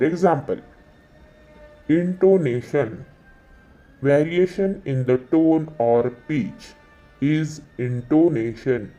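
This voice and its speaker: A man giving a slow exam-revision lesson, repeating each definition several times. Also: medium pitch, dark tone. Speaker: teacher.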